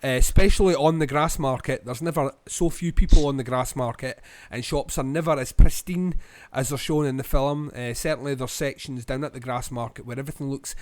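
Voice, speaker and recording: A man's voice: medium pitch, a little fast, few pauses, no echo. Rambling Scottish man reviewing a film. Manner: rambling, hesitant, full of ums. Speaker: podcast co-host, film reviewer. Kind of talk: casual film review chat.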